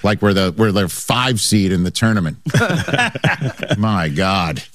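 Male sports radio host, low-pitched, jokey and loose, dry studio sound. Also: big pitch swings, takes it slowly, fairly bright tone, no echo. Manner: playful, joking banter. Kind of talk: casual sports talk radio chat.

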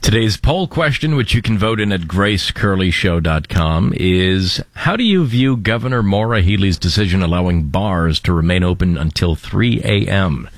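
Deep-voiced blunt radio co-host. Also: male voice, expressive, normal speed, hardly any pauses, no room sound. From New Bedford area. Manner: blunt, emphatic, filler-heavy. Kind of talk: casual talk radio chat.

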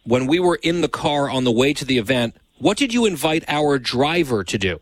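A man's voice: mid-range voice, sing-song, normal speed, dry recording. A man hosting a show, teasing his producer in dry, casual on-air banter. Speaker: show host.

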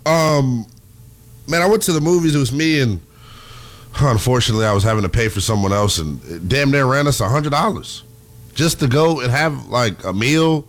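Man, sports talk host, animated and chatty, excitable, casual delivery. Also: mid-range voice, normal speed. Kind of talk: sports talk show commentary.

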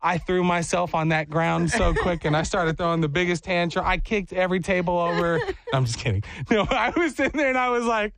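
A radio host with a high voice tells a funny story with animated, self-mocking laughter. He sounds dry and close, recorded in a studio. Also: brisk, gravelly, hardly any pauses, no room sound. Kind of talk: comic storytelling on morning radio.

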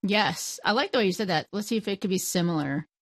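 This woman talks fast in a mid-range voice, with no echo in the recording. As co-host of a conversational podcast, she shows engaged interest, poses questions and laughs lightly.

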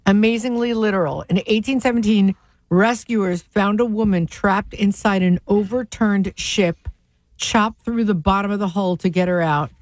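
A woman's voice: medium pitch, moderate pace, a little mellow, dry recording. Chatty woman radio co-host, dry studio. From New Jersey. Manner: chatty, amused, reads listener messages. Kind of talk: casual radio chat.

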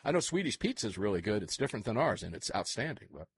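A man hosting a casual talk show, chatting in a rambling, animated way. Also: lowish voice, quick pace, breathy edge, dry recording. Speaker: show host.

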